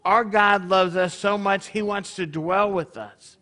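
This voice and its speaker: High, bright-voiced male preacher. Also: fairly even intonation, measured pace. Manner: conversational, peppered with rhetorical questions. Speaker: congregation leader. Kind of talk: sermon.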